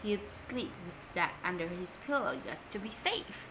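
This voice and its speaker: A woman, a native Vietnamese speaker, reading a children's story aloud in an expressive, unhurried way. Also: fairly low pitch, a little hiss or hum, poor audio.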